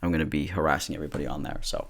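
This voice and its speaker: Low-voiced man, blunt reaction vlog. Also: fairly even intonation, very fast. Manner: blunt, swears freely, reacts with incredulity; reads posts aloud then comments. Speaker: YouTuber reading Reddit posts. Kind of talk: casual reading and commentary.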